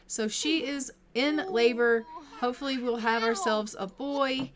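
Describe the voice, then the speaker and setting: Unhurried woman chatting through a game. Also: fairly high pitch, fairly even intonation, crowd noise. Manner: chatty, talks to her characters and voices their lines; frequent ums and drawn-out phrasing. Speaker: gameplay commentator. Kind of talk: casual game commentary.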